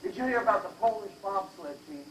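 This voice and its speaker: A man's voice: high-pitched, animated, fast, a bit bright, a little hiss or hum. An older man doing stand-up, telling jokes in a brash manner and teasing the audience at a live venue. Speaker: stand-up comedian. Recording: echoey live hall from far off.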